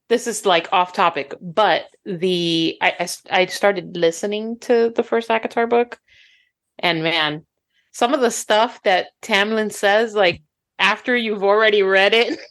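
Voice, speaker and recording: A woman's voice: medium pitch, a bit bright. A woman co-hosting a casual book club discussion, giving her opinions expressively.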